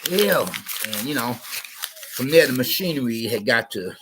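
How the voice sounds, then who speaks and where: Against a noisy background, a sick channel host with a medium-pitched voice coughs while telling a meandering story at a moderate pace. He keeps digressing and repeating himself.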